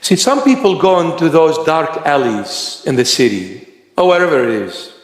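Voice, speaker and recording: A man preaching a sermon as a bishop, impassioned, with rhetorical questions and dramatic swings of pitch. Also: very animated, normal speed. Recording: echoey church hall reverb.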